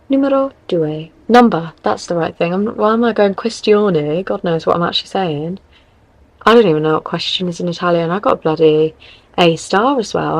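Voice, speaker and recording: A young woman talks through listener problems in a loose, rambling podcast chat, often stopping to correct herself. Her voice sits fairly low with a gravelly, fried edge. The recording is close and dry. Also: dry recording, rough recording. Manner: rambling, self-correcting, chatty. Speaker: podcast host. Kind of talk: casual advice chat.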